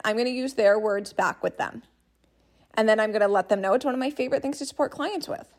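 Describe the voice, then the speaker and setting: A woman's voice: on the high side, fast. A young adult woman coaching listeners on sales in an enthusiastic, direct way. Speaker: business coach. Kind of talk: teaching monologue.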